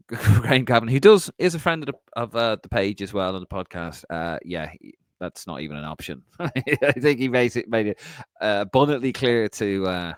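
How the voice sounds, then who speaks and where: A man hosts a casual podcast, reading out viewer comments with a chatty manner and frequent laughs. His voice sits low but swings widely in pitch. The sound is close and dry. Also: expressive, normal speed, clear, resonant tone, no echo. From Ireland.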